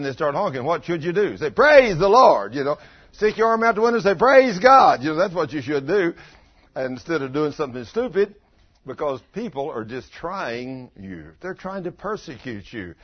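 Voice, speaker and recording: An older man with a drawl delivers a homespun sermon, spinning stories and bursting into loud acted-out quotes. His voice is husky. The recording is dull and lo-fi. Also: fairly high pitch. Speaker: preacher. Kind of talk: folksy sermon with storytelling. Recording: dull lo-fi sound.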